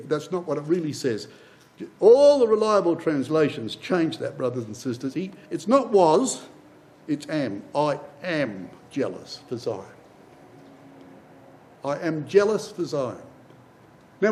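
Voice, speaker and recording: A man preaches a Bible class with passion, his voice pitched high for a man. His delivery is animated and swings widely in pitch. He often calls his listeners brothers and sisters. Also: rough recording. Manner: impassioned, addresses brothers and sisters; preacherly build-ups with repeated phrases. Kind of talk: sermon.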